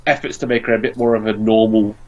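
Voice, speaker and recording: A man's voice: fairly low pitch, steady tone, fast talker, lo-fi sound. A man co-hosting a gaming podcast, joking in a laid-back way and swearing casually. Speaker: podcast co-host. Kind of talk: casual chat.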